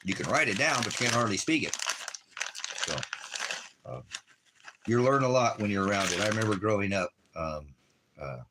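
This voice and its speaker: In a casual, rambling livestream, a Los Angeles man who runs a ministry stream talks directly to viewers. He's animated at a moderate pace with a fairly low pitch, taking long pauses over background noise.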